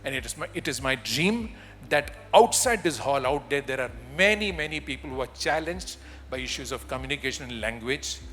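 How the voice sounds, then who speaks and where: Animated Indian man in a reverberant hall. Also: medium pitch, a little fast. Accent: Indian English. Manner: animated, demonstrative, humorous. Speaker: voice and communication trainer. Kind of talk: conference talk. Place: large event hall. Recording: hall with long reverb, faint music.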